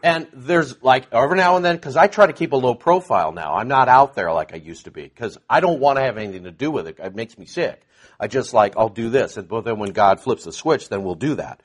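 A man's voice: medium pitch, animated, a little fast, slightly rough. A man teaching the Bible to a live group in a conversational, sarcastic way, with mocking asides.

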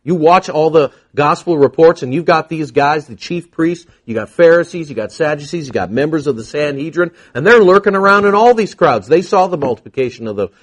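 Animated male preacher teaching scripture. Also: a little high, fairly quick, few pauses. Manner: animated, acts out scripture dialogue, frequent fillers. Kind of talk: expository sermon.

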